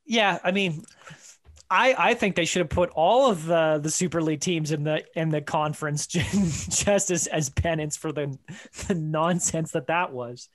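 A man's voice: fairly high pitch, moderate pace. A man from Iceland co-hosting a casual football podcast, joking and sarcastic as he chats. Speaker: podcast co-host. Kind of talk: casual sports chat.

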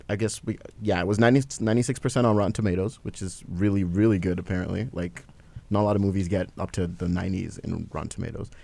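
A man's voice: fairly low pitch, gravelly, darkish tone. A man hosting a casual podcast film review, rambling with fillers and laughing often. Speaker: podcast host.

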